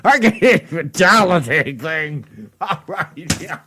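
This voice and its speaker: A man hosts a radio show from the studio, doing a rowdy prank call and laughing often as he mocks a coworker. He sounds a little high, very animated and forceful, bright yet slow. The low-quality recording has a little hiss or hum.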